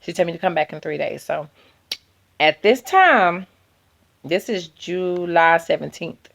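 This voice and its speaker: Low, gravelly-voiced woman vlogger. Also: expressive, unhurried, fairly bright tone. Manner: emotional, quotes herself and doctors. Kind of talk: personal storytelling vlog.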